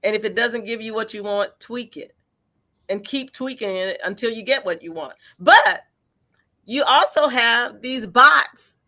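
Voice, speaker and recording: A woman, a featured artist, answering interview questions in a lively, encouraging way with everyday examples. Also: on the high side, a little slow.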